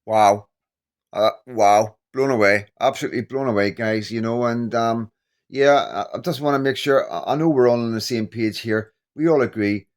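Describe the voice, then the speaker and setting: A man vlogging in a rambling casual commentary, halting and full of "you know what I mean". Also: mid-range voice.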